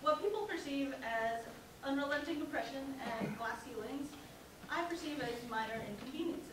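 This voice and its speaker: A young woman student's high-pitched voice moves at normal speed with lively intonation as she gives a personal talk at a campus event in a lecture hall. She is funny, sarcastic, and self-deprecating. She doesn't use the mic, leaving a distant, very echoey, noisy recording.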